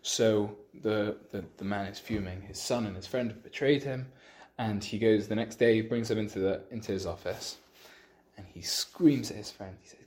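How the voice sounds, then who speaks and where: A man teaching a Torah lesson with a story, halting often and restarting his sentences. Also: fairly low pitch, darkish tone. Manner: halting, many restarts, acts out quotes. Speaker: religious teacher.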